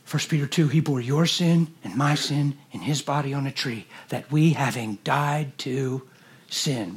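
A man preaching a sermon in a church, animated and jokey, swinging from loud bursts to hushed lines. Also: mid-range voice, unhurried, breathy edge. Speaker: guest preacher.

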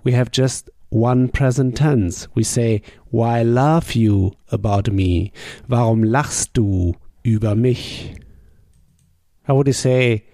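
A man, a native German speaker, teaching a language lesson with patient drills and sample sentences spoken slowly. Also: mid-range voice, dark tone, no room sound, clean studio sound.

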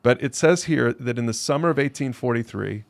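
A man's voice: medium pitch, brisk, gravelly, no echo. A man, a pastor and co-host, talking in a casual discussion and reading scripture aloud, incredulous and emphatic, repeating his phrases.

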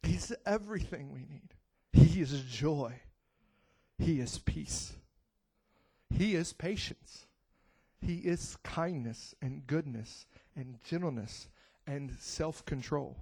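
A man preaching a lively sermon to his church, whooping and swinging between hushed lines and loud cries. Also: fairly high pitch, slow pace, gravelly, slightly rough. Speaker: pastor.

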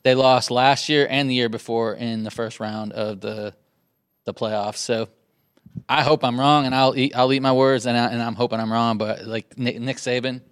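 A man on a sports panel, speaking in a middle-pitched voice with a dry, close sound. He hedges his predictions and restarts his sentences as he reasons aloud. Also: steady tone, moderate pace, smooth, no room sound. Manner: hedging, thinks aloud with restarts. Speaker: sports show co-host. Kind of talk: casual sports panel chat.

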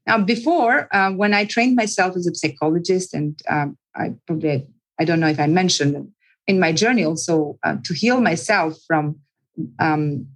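A woman's voice: fairly low pitch, husky, low-quality recording. A woman psychologist, an interview guest, telling a personal story in an earnest way, repeating words and often restarting her sentences.

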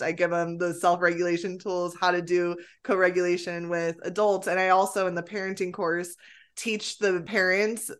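A woman's voice: fairly low pitch, fairly bright tone. A woman hosting a podcast as a parenting coach, upbeat and coaching in tone, often acting out inner thoughts. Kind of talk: casual podcast conversation.

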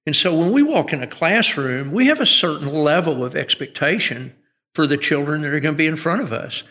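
A man's voice: a little high, lively intonation, a little fast, pushed and bright. A middle-aged man speaking as a guest educator in an interview, an earnest storyteller who often restarts his sentences. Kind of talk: conversational interview. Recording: long hall reverb.

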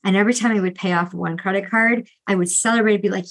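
A middle-aged woman and financial coach, talking candidly and earnestly about her own past with debt, restarting often and tossing in quick asides. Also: mid-range voice, steady tone, low-quality recording. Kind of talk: candid solo podcast monologue.

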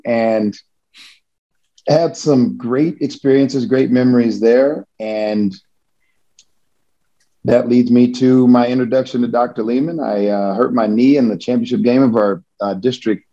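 A man from Missouri, in a relaxed interview, tells a personal story with chuckles and frequent restarts. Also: on the low side, highs cut off. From Missouri, USA. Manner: casual, chuckling, many restarts.

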